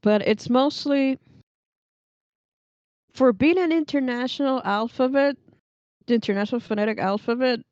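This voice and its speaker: A young woman streamer chatting at her desk, rambling and laughing as she reads chat. Her voice is smooth and mellow, close and dry, with slightly dull, muffled stream audio. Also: high voice, moderate pace, pauses often, no room sound. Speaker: livestream host reading chat.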